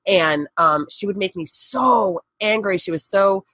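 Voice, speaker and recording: A middle-aged woman, a podcast guest, telling a personal story in a candid, animated way and swearing casually. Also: mid-range voice, unhurried, no room sound.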